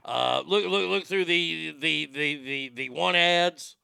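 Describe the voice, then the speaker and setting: Gravelly, bright-voiced ranting male host. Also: a little high, takes it slowly, no room sound, studio quality. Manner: profane, ranting, fired-up storytelling. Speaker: radio show host. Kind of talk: talk show rant.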